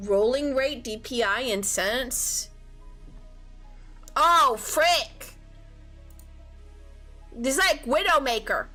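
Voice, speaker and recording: A woman's voice: sits high, drawn-out words, pauses often, bright, forceful tone, soft background music. A young woman streaming live, chatting casually with her viewers in a whiny, playful way. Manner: whiny, playful, talks to chat.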